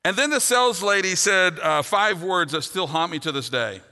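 Expressive and high-pitched, with a bright, forceful tone, this middle-aged pastor moves at a moderate pace through a sermon. Earnest early on, he builds to a funny story from his own life, all in a long hall reverb.

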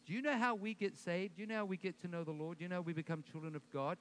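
A man preaching a sermon at a church service, telling a story and then leading the congregation in loud, rising declarations, often repeating his first words. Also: sits high, steady tone, very fast. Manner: repeats words when starting sentences, builds to loud declarations. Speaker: pastor.

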